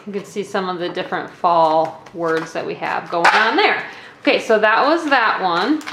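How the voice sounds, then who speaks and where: A woman teacher walks through hands-on classroom activities in a relaxed, unhurried way, often stopping to check in with the viewer. Her voice sits at an ordinary middle pitch. The room is echoey, with a faint hiss behind her. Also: vocal fry. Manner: chatty and explanatory, checking in with okay and all right. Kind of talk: casual tabletop demonstration. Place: indoors at a table.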